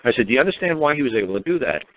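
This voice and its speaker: A man's voice: mid-range voice, sing-song, very fast, a little hiss or hum. A man telling stories in an emphatic, rambling way, swearing and acting out the people he quotes. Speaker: speaker on law and public officials. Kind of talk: casual talk, storytelling. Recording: phone-like narrow sound.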